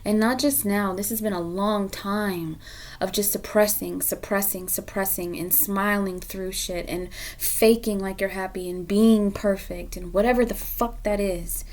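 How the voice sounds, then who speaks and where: A woman giving a pick-a-card tarot reading to camera. She is blunt and profane, repeats phrases for emphasis, and swings between loud emphasis and hushed asides. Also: mid-range voice, fairly even intonation, measured pace. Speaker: tarot reader.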